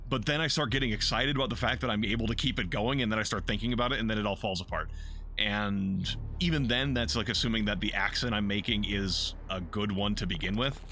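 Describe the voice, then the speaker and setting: A man's voice: on the low side, fast talker, pushed and bright, a little hiss or hum. A man chatting casually while streaming a game, rambling and cursing, answering chat and poking fun at himself. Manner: rambling, profane, self-deprecating, reads and answers chat.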